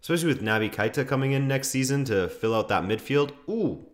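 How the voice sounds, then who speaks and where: A man's voice: medium pitch, lively intonation, fast talker. A young man hosting a football watchalong stream, chatting casually, reading viewer comments and reacting to the match with laughs and exclamations.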